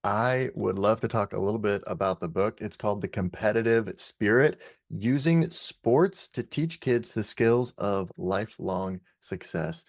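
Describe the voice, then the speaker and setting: A man hosting a podcast interview, measured and reflective as he asks questions and sums up the talk. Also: on the low side, dry recording, studio quality. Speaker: podcast host.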